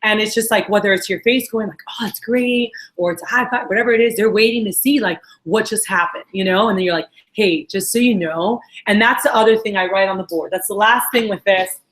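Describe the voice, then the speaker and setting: A woman sales trainer telling stories to a group, acting out quotes in an animated way. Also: medium pitch, fast, few pauses. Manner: animated storyteller, acts out quotes. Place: meeting room with a group. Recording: echoey meeting room.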